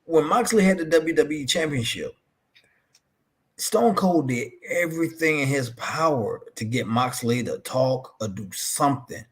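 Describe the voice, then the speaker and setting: A man chatting casually about wrestling, acting out the people in his stories as he goes. His voice sits a bit higher than most men's. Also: a little slow, breathy edge. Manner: animated storyteller who acts out quoted voices.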